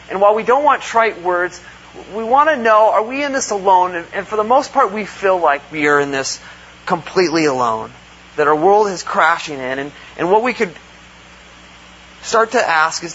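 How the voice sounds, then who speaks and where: A man's voice: sits high, a bit bright. A man preaching a conversational sermon, earnest, asking rhetorical questions and acting out quotes. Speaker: pastor. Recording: dull lo-fi recording with faint hum.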